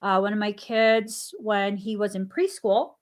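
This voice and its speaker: Woman guest, casual anecdotal storyteller; animated delivery with frequent laughter and acted-out dialogue. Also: unhurried. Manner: animated, laughs often while telling stories; acts out dialogue with sudden pitch jumps. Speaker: stay-at-home mom and podcast guest.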